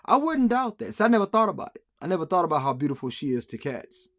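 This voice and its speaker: Give me a male live-stream host with a fairly high voice who rambles sarcastically while reading out comments. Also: very animated, quick pace, fairly bright tone. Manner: sarcastic, rambling, talks back to chat. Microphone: streaming mic.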